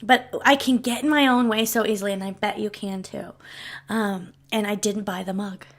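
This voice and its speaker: A woman's voice: mid-range voice, fairly even intonation, moderate pace, slight background noise. A woman vlogger telling a personal story in a rambling, heartfelt way, with many restarts and asides to her viewers. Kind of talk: casual storytelling to camera.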